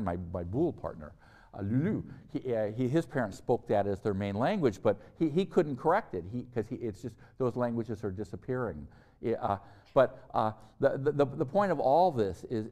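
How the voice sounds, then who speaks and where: Older male university lecturer, lowish pitch; halting, discursive, restarts often. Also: a little mellow. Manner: halting, many fillers and restarts; discursive, asides. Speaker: history lecturer.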